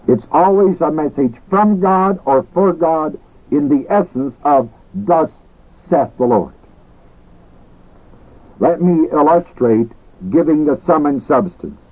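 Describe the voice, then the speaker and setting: A man teaching a class on ministry in a slow, deliberate way, repeating his key words. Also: a little high, expressive, narrow, tinny audio. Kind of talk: recorded teaching lecture.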